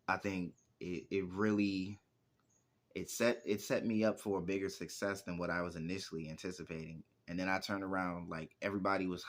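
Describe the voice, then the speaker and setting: A man in his twenties, a music producer and rapper, telling stories in a casual, rambling interview with lots of filler words. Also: low-pitched. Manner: rambling, heavy use of "like" fillers.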